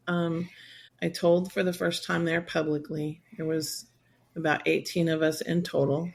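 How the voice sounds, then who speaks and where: Candid woman with a gravelly voice. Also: low voice, level tone, a little slow. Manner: candid, rambling, acts out quoted voices. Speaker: guest, survivor advocate. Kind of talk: personal storytelling in a podcast interview.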